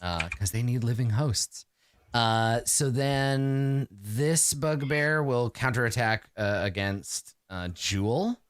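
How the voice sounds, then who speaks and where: A man narrating a tabletop game as game master, halting with many fillers and frequent chuckles. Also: medium pitch, dry recording.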